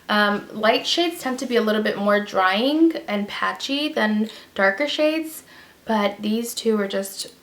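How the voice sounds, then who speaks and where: A woman's voice: medium pitch, fairly bright tone. A woman giving a casual, chatty product review with lots of fillers and emphatic repeats. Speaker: beauty vlogger. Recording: roomy echo.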